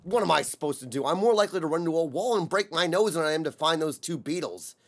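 A man reading an audiobook, voicing a blunt, gruff young male warrior who sounds strained. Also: a little high, expressive, fast, pitched above the performer's own voice. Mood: hushed.

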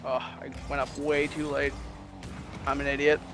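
A man talking casually with a friend while playing a video game, quick to mock his own mistakes. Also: on the high side, monotone, over music. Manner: self-deprecating, chatty. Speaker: teammate. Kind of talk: casual gaming chat.

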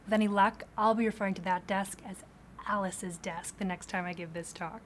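A woman playing a brisk, stern sales office boss briefing staff, in a comedy audio drama. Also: mid-range voice, fairly even intonation, lightly acted.

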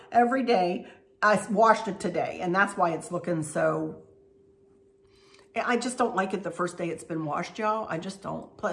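A woman's voice: medium pitch, fairly bright tone. Chatty folksy woman vlogger. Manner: chatty, folksy, laughs often. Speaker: craft and decor vlogger. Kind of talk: casual chat to viewers.

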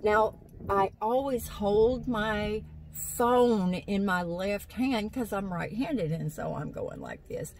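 This vlogger, parked in a vehicle in a parking lot, chats with her viewers, drifting through stories and laughing a lot. Her mid-range voice is slow and a little mellow, and the low-quality phone-on-a-stand recording carries a slight hiss or hum.

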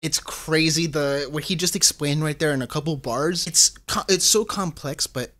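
A man giving casual, excitable commentary while reacting to an album, often repeating himself and saying "bro.". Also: a little high, normal speed. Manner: excitable, repeats phrases, calls listener bro. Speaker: music reaction host. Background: faint hip hop music.

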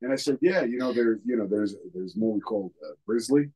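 A middle-aged man co-hosting a casual chat show, telling a story haltingly with many fillers and chuckles. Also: fairly low pitch, lo-fi sound, crowd noise. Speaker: podcast co-host.

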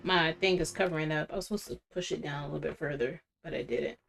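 A woman's voice: low voice, quick pace, creaky. A woman streamer giving casual, chatty commentary while playing a video game. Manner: chatty, talks to viewers. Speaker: gaming streamer.

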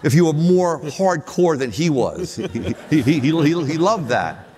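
An older man speaks on a conference panel in a voice on the high side, with big pitch swings, a slightly slow, mellow delivery and a faint hiss or hum. He rambles through anecdotes, restarting often and chuckling at his own stories, while the hall adds a long reverb.

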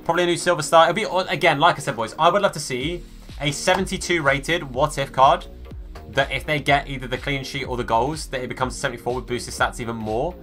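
A man's voice: medium pitch, brisk, fairly bright tone, faint music behind. A man streaming a football video game, chatting casually with viewers and greeting them by name. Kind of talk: live gaming stream chat.

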